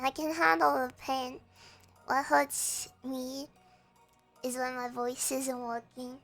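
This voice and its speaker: A young woman streaming, with a hoarse, croaky voice, chatting hesitantly and reading viewer messages aloud. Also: high-pitched, level tone, fairly bright tone, soft background music. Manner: slow, hesitant, reads chat aloud and answers. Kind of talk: casual chat with viewers.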